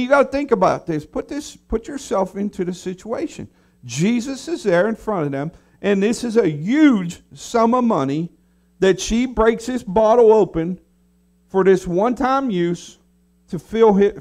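A pastor preaching in a high, light voice. He talks through the scripture plainly and conversationally and now and then acts out the voices of a grumbling crowd. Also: a little mellow. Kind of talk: sermon.

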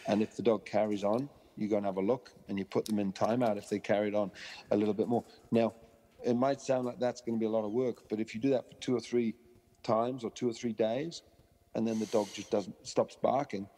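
Recorded in a large hall, a man who trains dogs talks fairly quickly in a voice on the low side. He is an animated storyteller on a podcast interview, acting out what people and dogs say.

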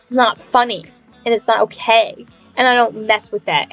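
Young woman, game streamer, fairly high voice, mock-dramatic and sarcastic, repeats herself, faint music underneath. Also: fairly even intonation, moderate pace, fairly bright tone. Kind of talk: casual live-stream chat.

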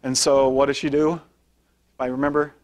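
Speaking at a moderate pace in a medium-pitched voice with little pitch movement, a philosophy professor delivers an informal guest lecture. He keeps it conversational, often adds "right?" to his sentences, and directs the slides forward while talking.

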